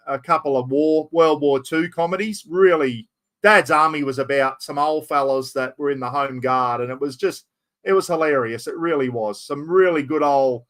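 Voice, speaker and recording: A middle-aged man with an Australian accent chats on a live stream, telling loose stories. He drops "mate" and mild swearing throughout. His voice sits a little high for a man. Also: fairly bright tone. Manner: rambling, storytelling, sprinkles "mate" and mild swearing. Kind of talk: casual chat.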